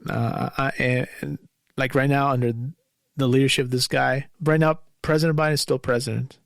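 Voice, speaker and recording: Anxious, gravelly-voiced man venting on a podcast. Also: medium pitch, steady tone, normal speed, no room sound, studio quality. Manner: anxious, bitter, swearing. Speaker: podcast host. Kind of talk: solo podcast monologue.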